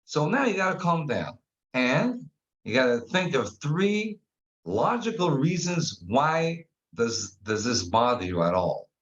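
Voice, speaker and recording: Animated man telling stories, lo-fi. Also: medium pitch, slow. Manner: animated storyteller, acts out quotes. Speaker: guest. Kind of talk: casual explanatory chat. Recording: dull lo-fi sound.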